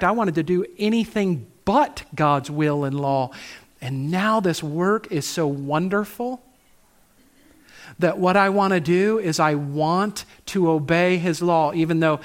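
Emphatic male preacher, slightly high voice. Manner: emphatic, asks rhetorical questions, slows on key phrases. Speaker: pastor. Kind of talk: sermon.

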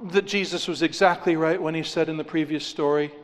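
Emphatic preacher in a reverberant hall. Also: male voice, fairly even intonation, a little fast. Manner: emphatic preaching, rising on key points, drops low and quiet to stress. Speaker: pastor. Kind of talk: sermon.

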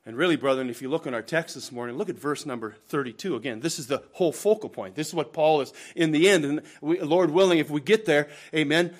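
A man preaching a sermon to his congregation, pressing his points with repeated calls to the brethren, rising loud and falling low and quiet at the ends of phrases. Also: fast talker, few pauses. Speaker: pastor.

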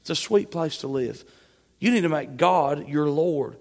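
A male pastor preaching a Sunday sermon, emphatic, swinging between loud and soft. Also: on the high side, lively intonation, unhurried. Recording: long hall reverb.

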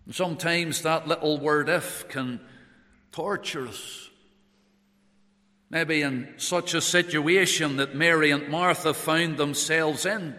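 Slow, bright-voiced male preacher in a reverberant hall. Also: high-pitched. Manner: slow, measured preaching with Bible quotations in old English. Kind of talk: sermon.

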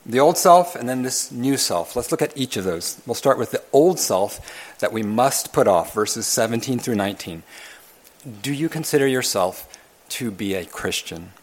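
An earnest male pastor delivering a sermon, pressing his points with repetition and many restarts. His voice sits at an ordinary middle pitch for a man. He talks to his congregation directly and emphatically. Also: lively intonation, normal speed.

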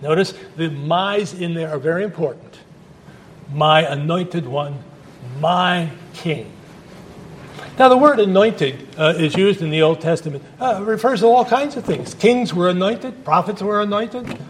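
A man's voice: high-pitched, animated, moderate pace, hardly any pauses, a little hiss or hum. A male pastor preaching a sermon at a church service in a conversational, emphatic way, with asides to the congregation.

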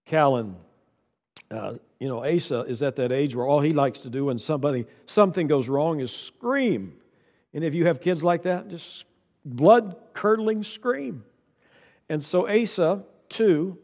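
A man's voice: fairly high pitch, darkish tone, long reverb tail. An older man preaching a sermon, folksy and anecdotal, repeating key lines for emphasis. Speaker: pastor.

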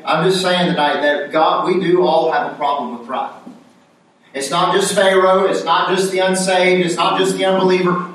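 A man's voice: high-pitched, fairly bright tone. A man preaching a sermon in a conversational style, acting out quoted lines with rising emphasis. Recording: very echoey room, voice from a distance.

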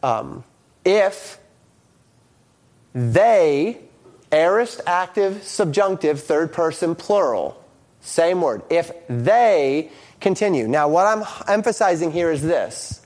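Bible teacher, man, slightly high voice, halting delivery full of ums, walks through Greek grammar on a shared screen. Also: lively intonation, darkish tone. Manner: halting, with many ums and restarts; explains Greek grammar, reading out translations.

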